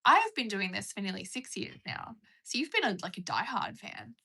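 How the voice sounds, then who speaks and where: A woman's voice: mid-range voice, sing-song, moderate pace, gravelly, bright, forceful tone, slightly rough. A young woman with a rural Australian accent chatting casually on a live stream, reading comments and rambling, now and then dropping to a whisper. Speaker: livestreamer.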